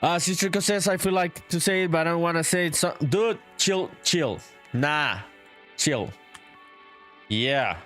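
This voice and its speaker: A man's voice: fairly high pitch, unhurried, a bit bright, soft background music. A man live-streaming his game development, chatting casually with viewers, reading their messages aloud, laughing often, swearing and saying "dude" a lot. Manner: reads chat messages aloud.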